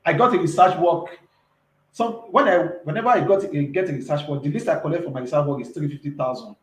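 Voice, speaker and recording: A man's voice: a little high, fast, echoey room, low-quality recording. A man, talking earnestly and emphatically as an entrepreneur guest in a casual interview, often repeating himself.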